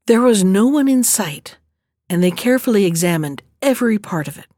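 A woman narrating a storybook tale in a steady, measured way. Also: mid-range voice, no echo, clean studio sound. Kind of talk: storybook reading.

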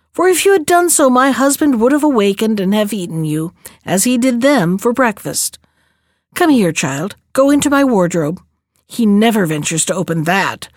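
A woman voicing a bossy, overworked giantess who talks in loud, commanding tones. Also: on the high side, dry recording, studio quality. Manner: loud, commanding, mock-sweet.

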